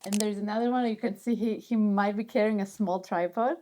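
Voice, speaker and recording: A woman's voice: mid-range voice, fairly even intonation, a little fast, warm tone. A woman chatting casually as a guest, making brief, matter-of-fact remarks. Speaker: guest video editor. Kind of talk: casual chat.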